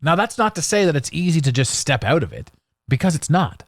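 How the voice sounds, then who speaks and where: A man hosting a solo podcast, talking in a blunt, sarcastic, animated way with frequent restarts. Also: a little high, a little fast, no echo. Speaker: podcast host.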